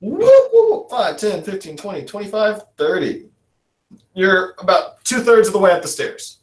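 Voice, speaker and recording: A man's voice: high-pitched, normal speed. A man running a tabletop game as dungeon master, narrating in a casual, chatty way. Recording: roomy echo.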